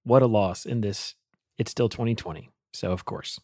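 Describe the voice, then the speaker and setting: A man's voice: on the low side, normal speed, a little mellow, dry recording, studio quality. A man co-hosting a casual roundtable podcast, easygoing and poking fun at himself. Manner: easygoing, self-mocking. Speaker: podcast co-host.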